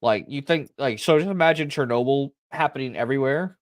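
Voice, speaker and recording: A man's voice: medium pitch, fairly quick, no echo. A man with a mid-range voice eagerly rambles through an explanation on a livestream, stopping and restarting his sentences. The sound is dry and close. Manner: rambling, full of restarts and fillers, eager storyteller. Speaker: podcast co-host. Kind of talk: casual livestream chat.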